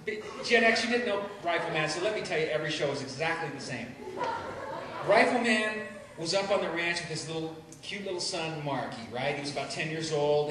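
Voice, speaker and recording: A man works through a stand-up set in a rambling, self-deprecating way, tripping over restarts as he goes. His voice sits a little high. The live recording is very echoey, picked up from off the mic, with plenty of noise around him. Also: sharp tone, far from the mic. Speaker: stand-up comedian. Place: live comedy venue.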